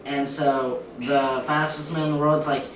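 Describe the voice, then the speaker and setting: A man's voice: medium pitch, level tone, a little slow. A young man casually setting up a joke challenge and telling jokes in a loose, rambling way. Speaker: channel co-host. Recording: distant echoey room with noise behind.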